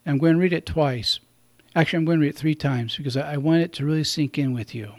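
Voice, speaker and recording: A man, a priest hosting a radio program, giving a gentle, reflective homily and speaking directly to his listeners. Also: a little high, fast, no echo. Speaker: priest and radio show host.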